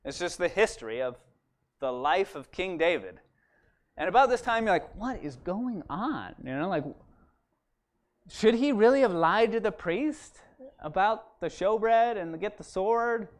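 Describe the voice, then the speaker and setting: High-voiced man telling a Bible story casually. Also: a little slow. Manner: chatty, animated, asks "right?" often. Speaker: church speaker. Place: church.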